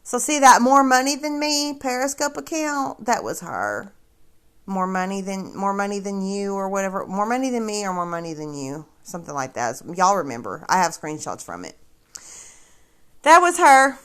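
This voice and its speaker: A woman's voice: medium pitch, normal speed, a bit bright. A woman hosting a casual livestream, talking straight to her viewers in a sarcastic, mocking way. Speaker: livestream host.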